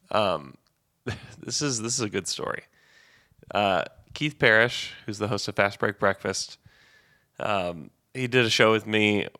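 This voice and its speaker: A man who works as a sports reporter, telling a relaxed, rambling story in casual chat. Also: fairly low pitch, vocal fry.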